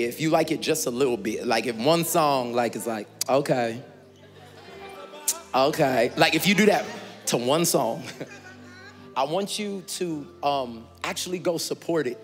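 A high-pitched man pastor talks to his congregation in a big church sanctuary during a live service. He is energetic and playful, calling out to the crowd and shouting over them. Clear worship music plays behind him. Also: moderate pace.

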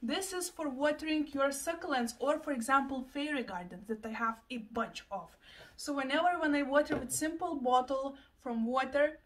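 High-voiced excitable young woman. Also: normal speed. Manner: excitable, gasping exclamations. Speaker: plant and lifestyle vlogger. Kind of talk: casual unboxing chat.

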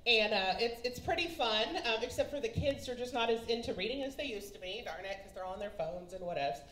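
A Kansas woman in her forties does stand-up on a comedy club stage, her voice a little high and a little fast. She's brassy and teasing, calling the crowd baby and honey. The live room is echoey, with loud laughter and slight background noise.

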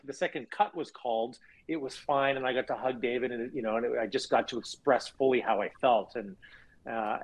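A man's voice: fairly low pitch, husky, rough recording. A man, an actor, telling stories from a film set in a casual virtual cast chat.

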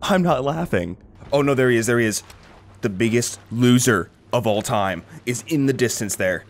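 A young man giving live commentary over his own gameplay, sarcastic and swearing, with sudden high-pitched bursts of panic. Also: animated, normal speed. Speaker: gaming commentator.

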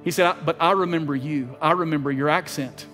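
High-voiced pastor in a reverberant church. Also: male voice, fairly quick, a bit bright, faint music behind. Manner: earnest, emotional storytelling with repeated phrases. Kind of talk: sermon storytelling. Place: church sanctuary.

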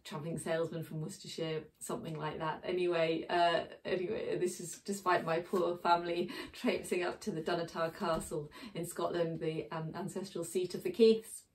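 A middle-aged woman from England teaching a song in a chatty way, often pausing with ums and uhs. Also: on the low side, little pitch movement. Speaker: singing teacher. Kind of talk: casual spoken singing lesson. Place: home in a village.

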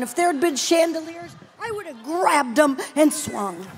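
A middle-aged woman preaching a sermon with personal testimony, animated and playful, dropping to hushed tones between exclamations. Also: sits high, a little slow, hardly any pauses, a little hiss or hum. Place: large event hall, live audience.

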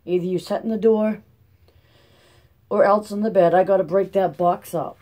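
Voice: medium pitch, dark tone, lightly acted. A reader voicing a weary, practical farm mother with a folksy rural drawl. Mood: ordering. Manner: brisk, bossy.

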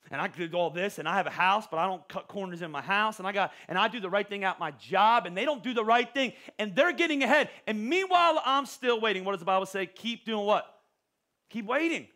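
A middle-aged man preaching a joking, animated sermon as pastor, often stammering and restarting his words. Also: sits high, brisk. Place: church auditorium.

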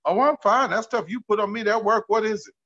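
Picture an elderly mother of about eighty, chattering in a high, folksy voice with a bright, sharp edge, as a man puts her on. She talks with plain, homely grammar. The recording is dull and lo-fi. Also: brisk. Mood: relieved, puzzled.

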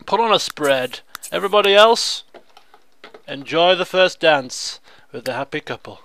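Male let's-player, high sing-song voice with gravelly edges, unhurried. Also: expressive, pushed and bright, dry recording. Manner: theatrical, exclaiming, chatty with game characters. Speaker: let's play host. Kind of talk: excitable gameplay commentary.

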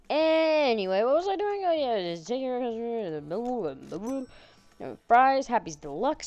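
A woman's voice: on the high side, big pitch swings, normal speed, darkish tone. A woman playing a horror game and commenting on it, sarcastic and jokey, chatting to the characters on screen. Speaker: gaming channel host.

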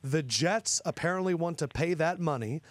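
A man's voice: a little high, lively intonation, normal speed, no room sound. A young adult man hosting a casual sports podcast, who keeps trying to cut in with his questions. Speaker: podcast host.

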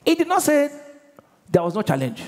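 A Nigerian man delivers a sermon as pastor in a large church hall with long reverb, his very high, slightly mellow voice swooping wildly in pitch. At normal speed he presses his points emphatically, over and over asking the congregation questions.

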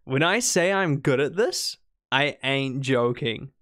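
A man giving excitable live commentary on a game he is streaming, reacting with frequent laughter. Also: mid-range voice, slow pace. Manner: excitable, animated, laughs often.

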